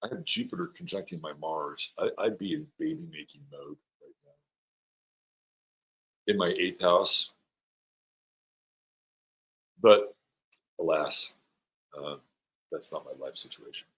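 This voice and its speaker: A man's voice: very deep voice, sing-song, unhurried, long pauses, a bit bright, low-quality recording. A middle-aged man hosting an astrology live stream, chatting playfully and rambling as he reads viewer comments aloud. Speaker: astrologer host.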